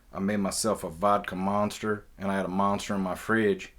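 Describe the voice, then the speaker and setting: A rambling good-old-boy with a put-on Southern drawl, as a podcast host fakes it, talking in a very deep, low voice. He tells his story loosely and mocks himself as he goes. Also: flat delivery, normal speed, fairly bright tone. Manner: rambling, self-mocking, loose. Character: man faking a Southern drawl. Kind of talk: casual storytelling monologue.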